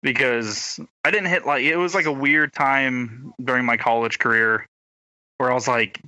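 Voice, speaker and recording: Young male co-host, meandering and self-deprecating, headset mic. Very bright tone, dry room. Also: medium pitch, normal speed, no echo, low-quality recording. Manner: rambling, self-deprecating, trailing off with fillers. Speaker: podcast co-host. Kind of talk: casual chat. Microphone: gaming headset.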